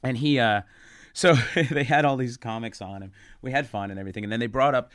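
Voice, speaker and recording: A man's voice: medium pitch, fairly quick, fairly bright tone, no room sound, studio quality. A man chatting casually as a comedian guest, rambling with restarts and laughing often. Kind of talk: casual podcast chat.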